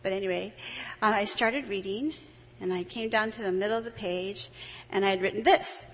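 Middle-aged woman, storyteller, husky, animated and excitable, dull hall recording with a long echo. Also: mid-range voice, moderate pace. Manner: animated, excitable, laughs often. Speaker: testimony speaker. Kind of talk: personal storytelling to an audience.

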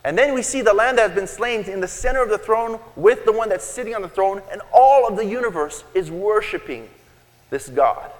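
A man preaching to a congregation in a big hall whose long echo trails after each phrase. His voice sits a little high for a man, and he tells stories, jumping into quoted lines with sudden loud bursts. His delivery stays conversational and lively. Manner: storytelling, acts out quotes with sudden shouts. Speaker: pastor. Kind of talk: sermon.

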